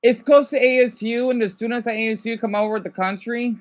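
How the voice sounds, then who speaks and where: A man's voice: very high-pitched, fairly even intonation, brisk, highs cut off. A man from Arizona reacting to a news clip, ranting heatedly with lots of swearing and rambling asides. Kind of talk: profane reaction rant.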